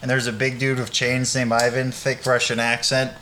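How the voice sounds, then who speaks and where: A man's voice: medium pitch, completely flat delivery, moderate pace, pushed and bright, slight background noise. A man co-hosting a podcast, telling loose stories in casual chat, stoned and swearing freely. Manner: laid-back, swearing, stoned storytelling. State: high on cannabis. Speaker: podcast co-host.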